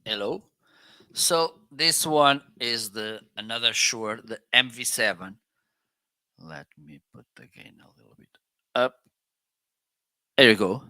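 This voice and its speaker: A man's voice: on the low side, sharp tone, clean tone, no echo. A man hosting a casual live-stream product demo, chatting and testing microphones aloud with counts and laughs. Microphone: swapping between studio microphones.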